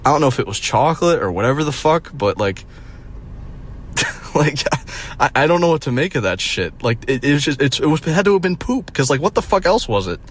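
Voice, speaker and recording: A man's voice: on the high side, big pitch swings, fast talker, a little hiss or hum. A young man in his twenties telling stories in a profane, rambling, mocking comedic rant.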